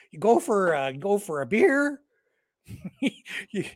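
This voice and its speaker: Rambling satirical commentary, mock-outraged, animated pitch, dry close sound. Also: takes it slowly, long pauses, dry recording. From Canada. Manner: joking, rambling, mock-outraged with frequent fillers. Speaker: livestream news show co-host.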